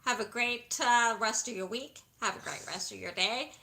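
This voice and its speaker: A woman's voice: a little high, moderate pace, gravelly, sharp tone. A woman co-hosting a live stream in casual chat, giggly and chatty.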